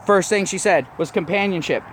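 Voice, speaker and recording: A man's voice: high-pitched, a little fast, fairly bright tone, a little hiss or hum. A man telling a story in a blunt, profane, mocking rant to his vlog audience. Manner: blunt, swears constantly, mocking retelling. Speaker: vlogger.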